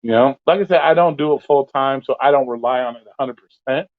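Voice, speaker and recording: A man's voice: medium pitch, fast talker, no room sound. A man hosting an open forum talk stream, ranting bluntly in casual chat and swearing constantly. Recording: dry, phone-like audio.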